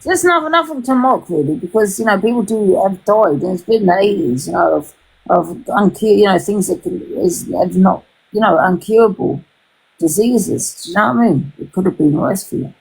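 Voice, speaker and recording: A woman's voice: mid-range voice, animated, normal speed, creaky, husky, rough recording. A woman hosting a casual livestream chat, rambling and swearing freely, with many restarts.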